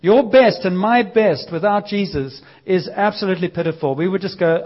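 A man with a high voice preaches to a congregation in a bold, conversational way and slips into lively quoted voices. The sound is dull and a little lo-fi. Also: moderate pace, few pauses. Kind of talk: sermon. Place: church service.

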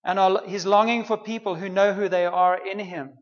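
A man's voice: high voice, steady tone, moderate pace, muffled recording. A man preaching a sermon in a conversational, humorous way, with playful asides to the congregation.

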